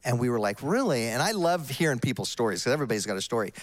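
A man's voice: mid-range voice, big pitch swings, rapid-fire. An older man preaching a sermon, telling a story in a conversational, emphatic way.

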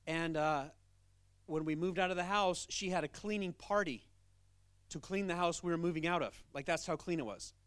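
A man who is a pastor, preaching a sermon in an animated, emphatic, conversational way. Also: fairly high pitch, normal speed, clean tone, no room sound, studio quality.

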